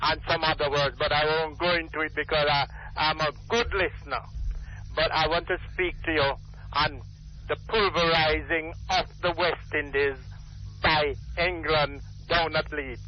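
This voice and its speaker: A man's voice: a little high, steady tone, normal speed, slight background noise. An older man with a Jamaican accent calling in to a radio talk show, speaking in an emphatic, rambling, repetitive way. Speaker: radio call-in caller. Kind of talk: impassioned call-in talk. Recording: muffled phone-in radio line.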